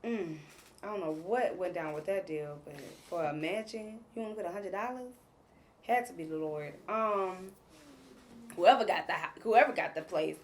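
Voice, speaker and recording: A woman's voice: on the low side, normal speed, a little hiss or hum. A woman hosting a casual recap of a reality show, retelling scenes in a chatty, gossipy way with plenty of fillers. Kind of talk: casual episode recap commentary.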